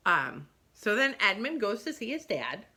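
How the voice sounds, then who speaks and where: A woman's voice: medium pitch, sing-song, measured pace, bright, forceful tone, husky. A middle-aged woman chatting casually about books, rambling and going off on tangents. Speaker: book vlogger. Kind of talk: casual book chat.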